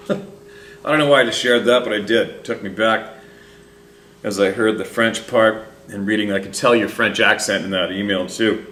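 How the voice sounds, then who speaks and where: Man, Canadian accent, deep voice, relaxed rambling chat, echoey room. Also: slight background noise. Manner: relaxed, rambling, drops "eh" and laughs. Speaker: podcast host. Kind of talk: casual storytelling chat.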